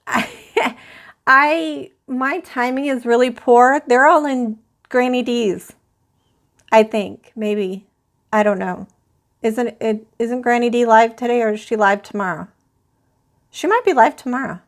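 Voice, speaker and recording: A woman with a slightly high voice hosts a casual crochet live stream. She talks slowly and rambles, chatting with viewers in the chat. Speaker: crochet channel host.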